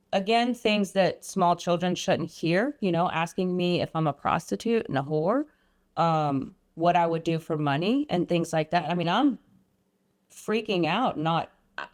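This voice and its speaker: A woman guest on a podcast, earnestly recounting a personal experience, often pausing and restarting her sentences. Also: lowish voice, darkish tone. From Iran. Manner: earnest, halting, frequent restarts and ums. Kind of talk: personal storytelling.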